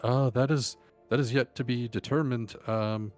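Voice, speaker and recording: A man's voice: mid-range voice, fairly even intonation, normal speed, a little mellow, soft background music. A man playing his character in a tabletop game, stammering and hesitant. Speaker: player. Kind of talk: in-character role-play.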